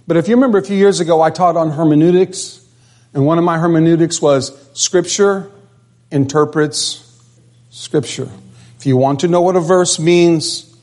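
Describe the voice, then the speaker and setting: A man's voice: fairly high pitch, darkish tone. A man preaching a sermon in a conversational way, often asking the congregation questions. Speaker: pastor.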